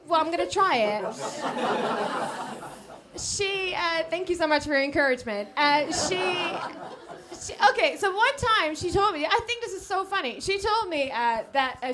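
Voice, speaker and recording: A young Dutch woman doing a stand-up set with a mixed American and Irish twang, giggly and self-deprecating, with lots of hesitant fillers. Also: very high voice. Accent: Dutch speaker with American-Irish twang. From Netherlands. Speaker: stand-up comedian. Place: comedy club stage with laughing audience. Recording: live club recording with audience crowd noise.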